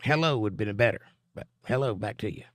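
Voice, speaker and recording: A man's voice: fairly low pitch, animated, fast talker, a bit bright, no room sound, studio quality. A middle-aged man, hosting a live stream and reading viewer comments aloud with a joking, chatty manner. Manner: joking, chatty, answers chat directly.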